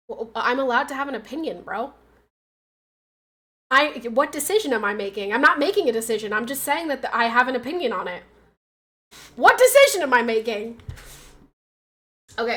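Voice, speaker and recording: High-voiced woman streamer, arguing emphatically. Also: a bit bright. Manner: emphatic, argues back at chat. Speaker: livestreamer. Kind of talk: casual stream chat. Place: at home.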